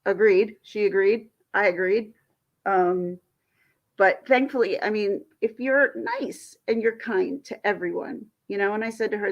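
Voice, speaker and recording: A woman with a medium-pitched, creaky voice hosts her own livestream, unhurriedly venting her frustration as she rambles and restarts sentences. The stream audio is dull and lo-fi.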